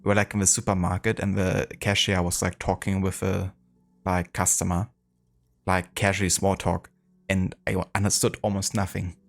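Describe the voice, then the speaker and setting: Low-voiced streamer, rambling. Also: male voice, flat delivery, moderate pace, gravelly. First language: German. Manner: rambling, full of fillers. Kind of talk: casual live-stream chat.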